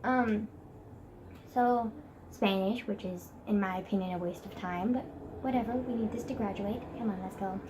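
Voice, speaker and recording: A woman's voice: medium pitch, normal speed, noisy background. A teenage girl vlogging casually about school from her bed, rambling and dramatic with many fillers. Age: teens. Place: bedroom, sitting on a bed.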